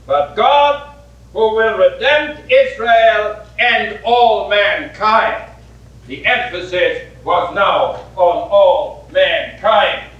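A man giving an academic lecture in a deliberate way, repeating his key points for emphasis. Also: very high-pitched, fairly bright tone. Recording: echoey, muffled hall recording from a distance.

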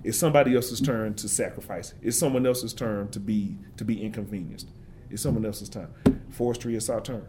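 A man's voice: lowish voice, a little fast, very noisy. A man giving an interview, talking with passion and building points through emphatic repetition. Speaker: forester and interview guest.

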